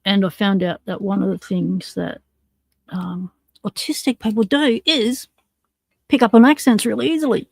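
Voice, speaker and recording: A woman's voice: medium pitch, fairly even intonation, normal speed, creaky, darkish tone, dry recording. A woman hosting a casual livestream, chatting in a rambling way and laughing often. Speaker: livestream host.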